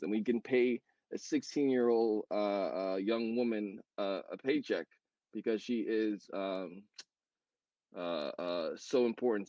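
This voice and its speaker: Guy rambling on a podcast, kinda low voice, lots of ums and restarts, muffled dry audio. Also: mellow, no room sound. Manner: rambling, with many fillers and self-corrections; talks fast. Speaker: co-founder of a clothing brand. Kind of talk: casual podcast chat.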